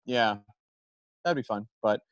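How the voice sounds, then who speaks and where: A man co-hosting a podcast, explaining in measured casual chat. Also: fairly low pitch, lively intonation, smooth, no room sound, lo-fi sound. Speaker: podcast co-host.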